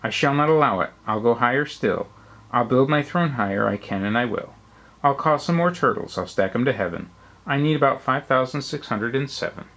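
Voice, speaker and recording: A man's voice: medium pitch, lively intonation, fairly quick, a bit bright. A man reading aloud and voicing a boastful, bossy male turtle king who bellows his orders. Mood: angry. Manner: bellowing, proud and snappish.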